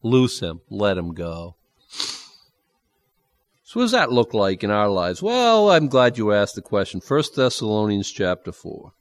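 Animated preacher man with joking asides. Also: on the low side, moderate pace, hardly any pauses. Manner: animated, swings from loud bursts to quiet asides; jokey, conversational asides between verses. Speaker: pastor. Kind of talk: sermon with scripture reading.

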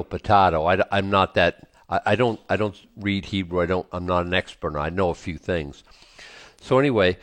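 A man teaching a Bible study, reading scripture aloud and then explaining it in an unhurried way, with frequent ums and small asides. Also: sits low, no echo. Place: indoors, presenting to a screen.

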